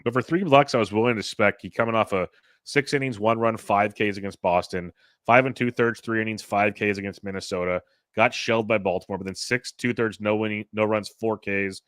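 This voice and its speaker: A man hosting a fantasy baseball podcast, running through his picks in a relaxed, rambling way. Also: lowish voice, a little fast, no echo, clean studio sound. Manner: relaxed, rambling stat rundown. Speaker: podcast host. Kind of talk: casual fantasy baseball chat.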